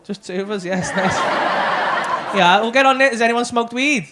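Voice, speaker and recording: A man's voice: extremely high pitch, moderate pace, heavy background noise. A young man doing stand-up, chatting with the crowd in a rowdy, sweary way. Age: young adult. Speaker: stand-up comedian. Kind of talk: crowd work and stand-up storytelling. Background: audience laughter.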